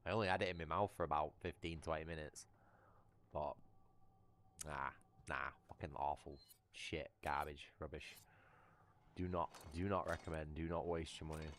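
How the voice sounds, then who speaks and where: A man's voice: very deep voice, fairly even intonation, moderate pace, pauses often, fairly bright tone, a little hiss or hum. A British man casually chatting on a gaming livestream, rambling and swearing as he tells a story. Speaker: livestream gamer. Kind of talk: casual chat while gaming.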